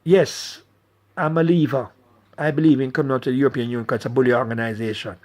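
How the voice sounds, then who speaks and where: A man's voice: medium pitch, steady tone, fast, darkish tone. A middle-aged man delivering a blunt, angry political rant straight to his viewers. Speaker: political commentator.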